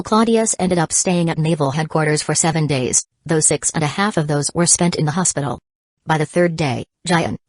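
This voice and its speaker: A woman reading an audiobook in a steady, even scripted narration. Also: low-pitched, dry recording.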